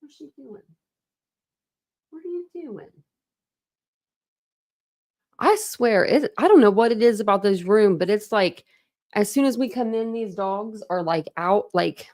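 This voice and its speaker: A woman's voice: mid-range voice, measured pace, a little mellow, no room sound, studio quality. A woman hosting a casual livestream, chatting with viewers, greeting them by name and laughing often. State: a bit out of breath. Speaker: livestream host. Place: small room at home with dogs.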